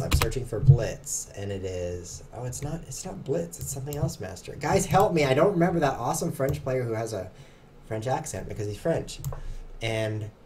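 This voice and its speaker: A man's voice: medium pitch, mellow, a little hiss or hum. A young man streaming online chess, chatting casually and joking at his own expense while he plays. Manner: chatty, self-mocking, jokes with chat. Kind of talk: casual live commentary while playing.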